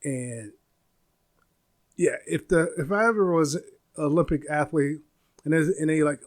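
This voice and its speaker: A man's voice: on the high side, moderate pace, pauses often. A man in his forties from the United States, hosting a casual solo podcast, rambling, laughing often and searching for words. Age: 40s. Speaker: podcast host.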